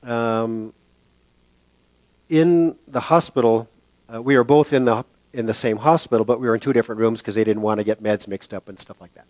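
An older man preaching a sermon through a personal story and prayer, halting and reflective, with many fillers and restarts. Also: mid-range voice, steady tone, darkish tone, no room sound.

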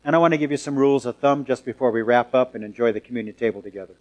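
Male pastor, mid-pitched, emphatic sermon delivery with shifting pace. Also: very fast. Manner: earnest, emphatic, varies pace for effect. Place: church sanctuary.

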